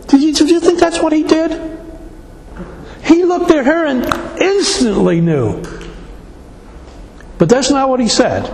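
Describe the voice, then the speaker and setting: A man preaches a sermon in a high, lively voice, piling up rhetorical questions. He speaks slowly and deliberately. The sound rings through a big hall with long reverb and faint background noise. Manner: animated, full of rhetorical questions.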